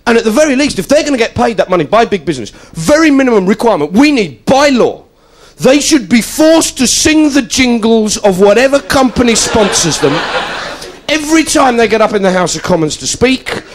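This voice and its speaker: A male stand-up comedian telling sweary, animated stories onstage and acting out the voices of people in them. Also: extremely high pitch, a little fast. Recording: loud background noise.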